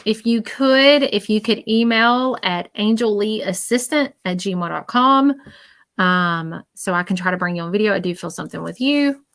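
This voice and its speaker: A woman's voice: mid-range voice, normal speed, a bit bright. A woman working as a psychic medium on a livestream. She rambles through her reading with many "um"s and "you know"s and speaks to her viewers directly and reassuringly. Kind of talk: live-streamed psychic reading.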